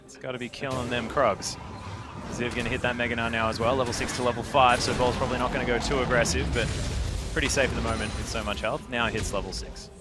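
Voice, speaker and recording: A man casting an esports match play-by-play, calm in quiet stretches and shouting when fights break out. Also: medium pitch, fast, loud music behind the voice. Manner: rises to shouting in big fights. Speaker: esports caster. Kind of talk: play-by-play commentary.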